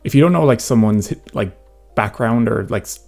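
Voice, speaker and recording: A man's voice: fairly low pitch, expressive, normal speed, creaky, darkish tone, soft background music. A nineteen-year-old man giving a sarcastic, profane commentary rant in a casual way. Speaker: commentary YouTuber. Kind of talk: ranting commentary.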